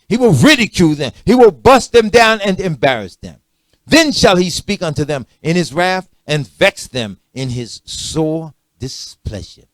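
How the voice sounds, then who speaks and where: A man preaching a sermon, swinging from quiet conversational asides to loud, emphatic declarations and checking that listeners follow. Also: fairly high pitch, no echo.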